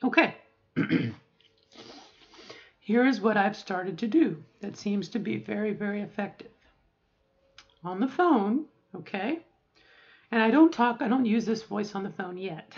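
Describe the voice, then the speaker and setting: A woman's voice: medium pitch, highs cut off. Chatty middle-aged woman vlogging. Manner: chatty, often checks in with "okay?"; rambling with asides. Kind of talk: casual talk to camera.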